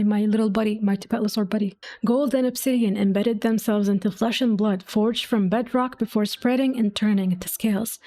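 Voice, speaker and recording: Mellow-voiced woman reading game lore. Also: medium pitch. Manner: gushing, affectionate asides between readings. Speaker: gaming video creator.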